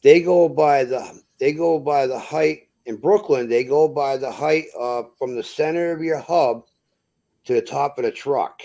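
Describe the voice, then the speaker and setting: A man from Massachusetts tells a trucking story in casual, profane chat. He acts out the voices of the people in it with animated quotes. His pitch sits in a middling range. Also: unhurried, vocal fry. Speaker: truck driver.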